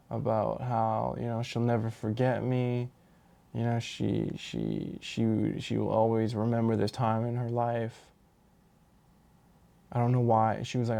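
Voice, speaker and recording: A man telling a personal story in a rambling, halting way, with many restarts and fillers. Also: mid-range voice, creaky, dark tone. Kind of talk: casual storytelling monologue.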